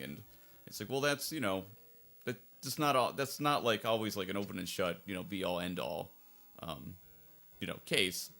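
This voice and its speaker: A man's voice: low-pitched, moderate pace, gravelly, pushed and bright, faint music behind. A man casually commentating over a game playthrough as its fan translator, rambling and circling back on his points. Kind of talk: casual let's-play commentary.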